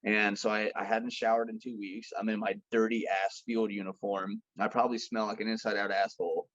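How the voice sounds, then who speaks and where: Profane, animated man telling stories. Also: on the low side, fairly quick, no echo, highs cut off. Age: young adult. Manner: animated, profane, acts out quoted dialogue. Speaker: podcast guest. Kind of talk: casual storytelling chat.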